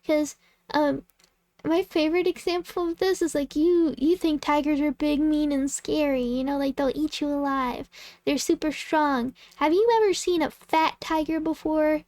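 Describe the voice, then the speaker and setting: A young-sounding, high-pitched woman chats as she draws, wandering from one thought to the next and scattering "like" and "um" throughout. She laughs easily and talks to her viewers as if they were friends. The sound is close and dry, with no room around her. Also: steady tone, normal speed, a little mellow, no echo. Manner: rambling and giggly, full of "like" and "um" fillers. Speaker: artist and channel host. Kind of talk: casual chat while drawing.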